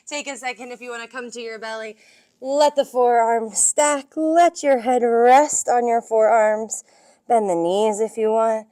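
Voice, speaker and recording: A woman's voice: fairly high pitch, fairly even intonation, unhurried, dark tone. A young woman guiding a yoga and strength workout, cueing moves and counting reps in an encouraging way, at times out of breath. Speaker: yoga and fitness instructor. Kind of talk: guided workout instruction.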